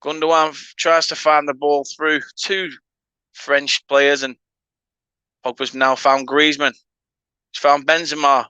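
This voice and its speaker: Northern english bloke chatting over a footy match, bright tone, dry close mic. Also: male voice, fairly high pitch, little pitch movement, unhurried, pauses often, clear, resonant tone, no echo, lo-fi sound. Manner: chatty banter with viewers, laughing asides. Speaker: fan channel host. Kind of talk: casual watchalong commentary.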